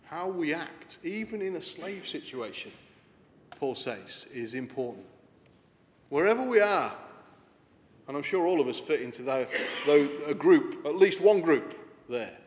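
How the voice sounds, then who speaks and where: Male preacher, slightly high voice, conversational sermon with emphatic rises, long hall reverb. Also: lively intonation, measured pace, a little hiss or hum.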